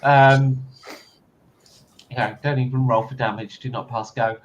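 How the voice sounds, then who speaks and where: A man's voice: mid-range voice, steady tone, a little slow, muffled recording. A man narrating a tabletop game as game master, playful and giggly with hesitant fillers.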